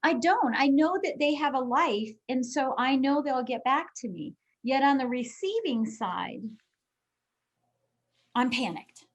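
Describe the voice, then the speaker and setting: Higher-voiced woman guest coach, earnest, explains by playing out quotes. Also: lively intonation, a little slow. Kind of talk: casual interview chat.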